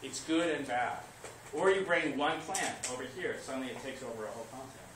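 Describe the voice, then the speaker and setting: A man teaching history to a class, lively, asking questions and answering them himself. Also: medium pitch, fairly quick, a loud crowd. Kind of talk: classroom lecture. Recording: echoey classroom recorded from far off, noisy.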